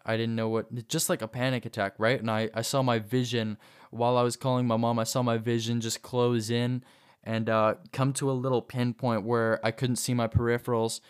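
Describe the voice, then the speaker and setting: A man's voice: mid-range voice, flat delivery, moderate pace, clean tone. A young man casually telling a personal story, rambling with many fillers and restarts. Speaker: vlogger.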